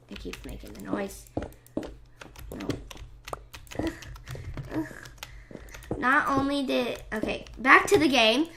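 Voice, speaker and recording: Gravelly young woman, quiet rambling, loud music. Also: sits high, expressive, slow pace, pauses often. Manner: rambling, self-deprecating, drifts into whispered asides. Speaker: gaming channel host. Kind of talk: casual game commentary.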